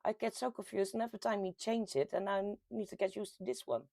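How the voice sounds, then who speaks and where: Fast-talking and lively in intonation, this Dutch woman has a medium-pitched, dark voice with vocal fry, captured in a dry recording. Hosting a casual livestream from her home in the Netherlands, she chats, laughs often, and reads the chat aloud.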